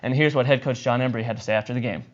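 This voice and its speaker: A man co-hosting a student sports show, reading game highlights in an upbeat, emphatic play-by-play manner. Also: steady tone, very fast, a crowd in the background. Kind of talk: scripted highlight narration. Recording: dull lo-fi sound with faint noise.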